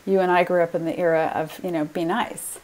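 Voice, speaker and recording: A woman's voice: fairly low pitch, little pitch movement, fast, a little mellow. A middle-aged woman hosting an interview, reflective and affirming. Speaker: interview host. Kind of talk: conversational interview.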